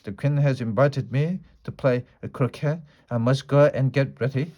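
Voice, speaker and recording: A man's voice: medium pitch, moderate pace, a little mellow, dull audio, lightly acted. A man voicing a rude, haughty noblewoman in a storybook, speaking in a curt, dismissive way.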